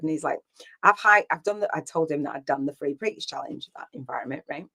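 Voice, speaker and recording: A woman with a low voice talks through a casual solo podcast episode. She rambles from thought to thought with plenty of ums and acted-out bits of dialogue, speaking at an easy conversational pace. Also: brisk, pushed and bright. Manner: rambling, storytelling with quoted dialogue and fillers. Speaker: podcast host.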